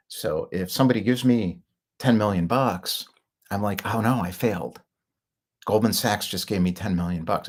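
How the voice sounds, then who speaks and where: A middle-aged man telling his own business story in a rambling, candid monologue, with fillers and short laughs. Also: low voice. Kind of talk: casual monologue.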